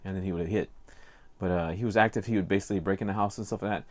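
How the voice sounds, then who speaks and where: Speaking very fast in a low, slightly mellow voice with fairly even intonation, an older man with a Cajun accent co-hosts a casual podcast. He spins a rambling story full of fillers.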